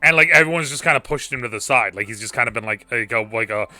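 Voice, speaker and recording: A man's voice: mid-range voice, quick pace, pushed and bright. A man co-hosting a casual podcast, talking about a series with lots of filler words and hedges. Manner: filler-heavy, hedging talk with many "like"s. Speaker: podcast co-host. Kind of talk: casual chat.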